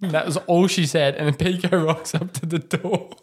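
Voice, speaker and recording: A man's voice: a little high, fairly even intonation, normal speed, slightly rough. A young Australian man chatting as a podcast guest, telling crude stories full of swearing. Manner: profane, laddish storytelling. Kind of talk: casual chat.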